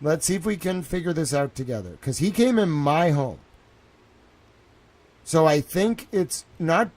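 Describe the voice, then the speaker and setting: Young male streamer talking from home, rambling and worked up, a touch high-pitched. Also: a little slow. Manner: excitable, repeats himself, says "bro" and "like" a lot. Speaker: live streamer. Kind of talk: rambling live stream monologue.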